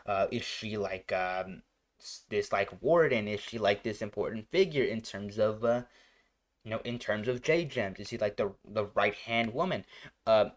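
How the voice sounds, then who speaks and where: A man's voice: on the low side, normal speed. A young man hosting a reaction video, chatting casually and rambling with lots of filler words. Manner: rambling, full of "like" and "you know".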